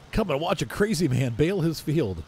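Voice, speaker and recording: A man casually commentating his own farming game, chatty and self-mocking, often jumping into playful high exclamations. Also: darkish tone, slight background noise. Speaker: gameplay commentator. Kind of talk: casual let's-play commentary.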